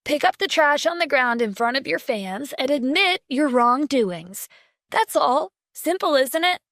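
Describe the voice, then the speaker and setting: A woman voicing a calm, stern young man who heads a security department, speaking firmly in an audio drama. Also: high voice, measured pace, no room sound, studio quality, pitched above the performer's own voice, full character voice. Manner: cool, firm, demanding. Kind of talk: audiobook character voice.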